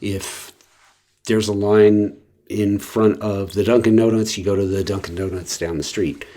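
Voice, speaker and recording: A man's voice: on the low side, fairly even intonation, measured pace, warm tone. A man chatting casually to the camera in a rambling way, full of fillers and restarts. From West Coast of the US. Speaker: vlogger.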